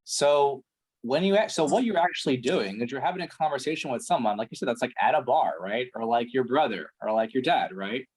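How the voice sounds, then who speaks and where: Husky male sales coach, blunt and profane, pushing hard on a call. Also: medium pitch, animated, a little fast.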